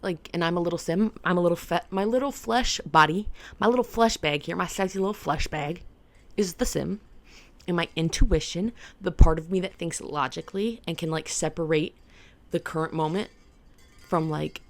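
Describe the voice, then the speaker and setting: A woman with a low, gravelly voice and plenty of vocal fry chats loosely to her camera. She rambles playfully and leans on "like" as she works through her thoughts. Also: normal speed. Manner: rambling and playful, heavy use of "like". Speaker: vlogger. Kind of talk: casual self-help chat to camera.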